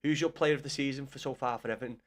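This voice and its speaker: A man's voice: medium pitch, steady tone, very fast. A young man chatting on a gaming livestream, answering his chat with blunt, sweary banter.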